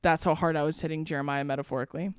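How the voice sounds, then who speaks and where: A young adult woman co-hosting a podcast in casual chat, giggly and animated, often bursting into loud laughing shouts. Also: low voice, rapid-fire, smooth, no room sound, clean studio sound. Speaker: podcast co-host.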